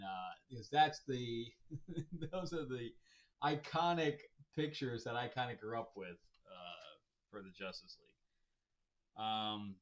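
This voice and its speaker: Slow-talking bright-voiced male comics host. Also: on the low side. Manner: rambling, amused, chuckling asides. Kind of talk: casual review chat. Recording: dull lo-fi recording.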